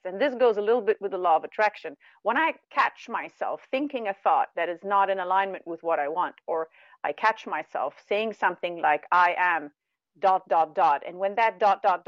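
A middle-aged woman who is not a native English speaker, a guest talking earnestly and warmly about spiritual self-talk in a radio conversation. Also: medium pitch, no echo, muffled recording. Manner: earnest, animated, laughs at herself. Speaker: guest, meditation teacher.

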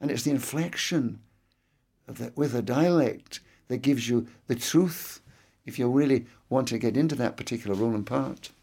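An older man with a Scottish-tinged English accent and clear actor's diction, explaining his views as a guest in an interview. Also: mid-range voice, moderate pace, darkish tone. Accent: English with a Scottish inflection.

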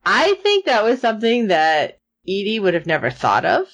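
A woman chats about a show with a very lively, swooping voice, jumping high when she acts out characters' shocked reactions. She talks casually, full of quick asides and fillers. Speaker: podcast co-host recapping a series. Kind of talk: casual chat.

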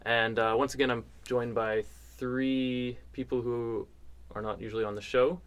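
A man's voice: medium pitch, moderate pace, smooth. Casual male radio host, filler-heavy. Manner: relaxed, hesitant with many fillers.

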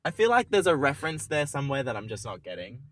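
A man's voice: mid-range voice, sing-song, fast, no echo. A man co-hosting a podcast in casual chat, retelling in a loose, hesitant way. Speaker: podcast co-host.

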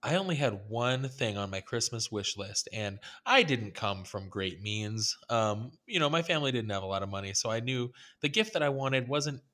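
A man in his forties in casual chat, talking in a deliberate, wry way with dry humor and leading questions. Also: medium pitch, expressive, bright, forceful tone.

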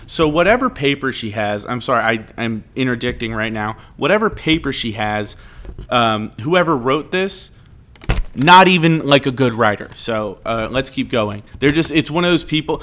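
A man telling a story in casual chat, animated and rambling, swearing freely. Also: medium pitch, normal speed.

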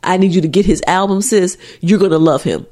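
A woman co-hosting a podcast in casual chat, talking with a nasal voice from a cold, animated and playful with slangy banter. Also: fairly low pitch, fairly quick. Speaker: podcast co-host.

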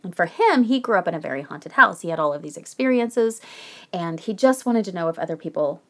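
A woman co-hosting a podcast, chatty and animated, casually telling a true haunted story with some swearing. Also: on the low side, a little fast.

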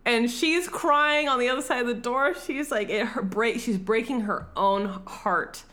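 A woman's voice: fairly high pitch, unhurried. Laughing, swearing woman recapping a plot. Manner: animated, acts out quotes, laughs often, swears. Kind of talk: casual chat recapping a film plot.

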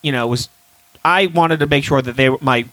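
A man's voice: mid-range voice, fairly quick, dry recording, rough recording. A man in casual podcast chat, telling stories in a heated, profane way and acting out what others said. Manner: profane, animated storytelling with shouted re-enactments.

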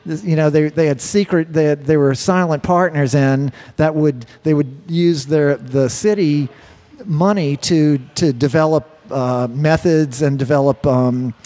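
A man's voice: a little high, unhurried, warm tone. A man co-hosting a casual talk show, rambling and profane, often repeating words while he searches for them. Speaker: podcast co-host. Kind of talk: casual chat.

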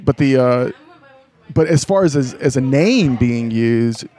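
A man's voice: mid-range voice, expressive, measured pace, mellow. A man from North Carolina, a guest on a podcast, talking in a laid-back, hesitant way with dry humor. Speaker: guest, photographer. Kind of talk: casual interview chat.

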